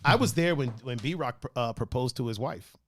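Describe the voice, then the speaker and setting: A young man hosting a casual podcast, reading out viewer comments and telling lively stories with acted-out quotes. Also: moderate pace, background noise. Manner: animated storyteller who acts out quoted voices with big pitch jumps. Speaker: podcast host.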